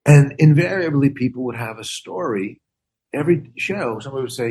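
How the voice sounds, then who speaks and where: An older man in his sixties chats loosely on a podcast as a guest, spinning anecdotes. He acts out quoted lines and leaps up high in pitch for the punchlines. His voice stays at an ordinary middle pitch the rest of the time. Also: fairly quick, a little hiss or hum. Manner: animated storyteller who acts out quotes with big pitch jumps. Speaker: guest comedian and actor. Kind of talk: casual podcast storytelling.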